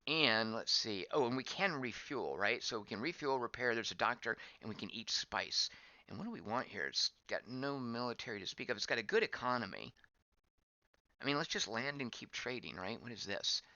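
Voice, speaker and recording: A man's voice: medium pitch, lively intonation, moderate pace, bright, forceful tone, no room sound. A man giving casual gameplay commentary as he plays, thinking aloud, wondering and reacting to what is on screen. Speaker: game streamer. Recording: dull lo-fi dry voice track.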